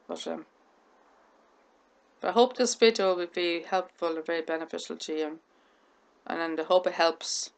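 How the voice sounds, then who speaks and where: A woman vlogger talking to camera with a stammer, repeating words, restarting sentences and running out of breath at the ends of sentences. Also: lowish voice. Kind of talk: casual talk to camera.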